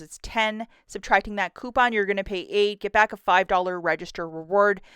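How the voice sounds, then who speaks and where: A woman's voice: medium pitch, fairly bright tone, clean tone, no echo, studio quality. A woman hosting her own couponing channel, walking through the week's store deals in a bubbly, chatty, upbeat way. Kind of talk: deal rundown vlog.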